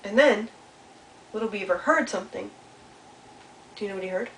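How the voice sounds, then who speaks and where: A woman telling a children's story with puppets, animated and asking the kids questions. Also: medium pitch, moderate pace, pauses often. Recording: roomy sound from a distance, faint hiss.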